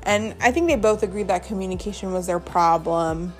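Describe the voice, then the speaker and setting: A young woman hosts her podcast in loose, unscripted chat, blunt and gossipy, with plenty of swearing and "like" scattered through every sentence. Her voice sits at a middle pitch for a woman. Faint music plays softly underneath. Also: fairly quick. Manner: gossipy, blunt, swears freely, heavy use of "like". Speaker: podcast host. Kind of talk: casual chat.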